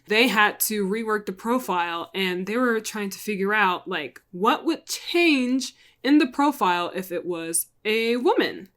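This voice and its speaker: A chatty woman casually retelling a crime story, full of "like" and asides to viewers. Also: medium pitch. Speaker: storytelling vlogger.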